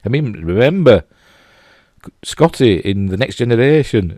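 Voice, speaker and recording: This is a casual spoken review of a TV episode by a man from Yorkshire, England, who rambles loosely with lots of "you know" and restarts. His mid-range voice is animated, a touch slow and slightly mellow. The studio-quality audio has no echo.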